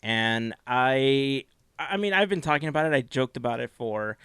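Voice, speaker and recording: Podcast co-host, male, bright and smooth, easygoing chat, dry close mic. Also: medium pitch, expressive, normal speed, no echo. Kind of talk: casual chat.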